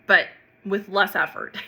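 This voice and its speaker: A middle-aged woman voice teacher gently explaining a neck stretch and vocal warm-up, chatty and full of fillers. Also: on the low side, unhurried. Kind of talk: instructional vocal warm-up demonstration.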